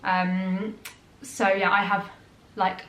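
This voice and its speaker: A woman's voice: mid-range voice, level tone, slow pace, fairly bright tone, dull audio. A young British woman chatting casually in a vlog, a little out of breath, with lots of fillers and restarts. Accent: British English. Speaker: vlogger. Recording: roomy echo, faint noise.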